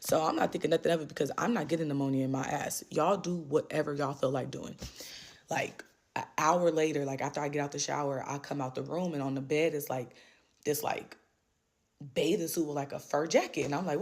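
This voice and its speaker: A woman casually telling a true story, animated and full of profanity and slang. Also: low-pitched, a little fast, reverberant.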